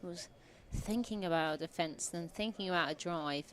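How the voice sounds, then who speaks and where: Relaxed low-voiced woman cricket co-commentator. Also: moderate pace. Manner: relaxed, conversational expert analysis.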